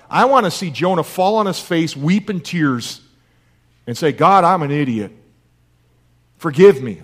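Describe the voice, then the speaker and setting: A man preaching a sermon in an earnest way, asking his listeners rhetorical questions. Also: on the high side. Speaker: pastor.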